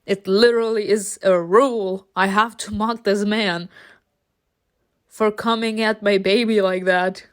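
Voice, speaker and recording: A woman's voice: medium pitch, fairly even intonation, measured pace. A young woman playing a story game, reading it aloud and reacting with giggly, playfully indignant outbursts. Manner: giggly, playfully indignant, over-the-top protective. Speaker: game streamer.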